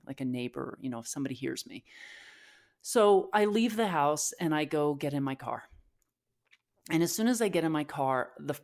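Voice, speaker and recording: A woman co-hosting a podcast, candidly retelling a personal emotional experience with lots of fillers and restarts. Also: rumbling low. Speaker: podcast co-host. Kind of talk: personal storytelling.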